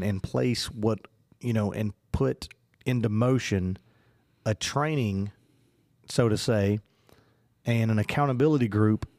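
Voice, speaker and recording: A podcast co-host chats casually, circling around his point with lots of fillers and restarts. His slightly low, somewhat mellow voice is recorded close and dry in a small studio.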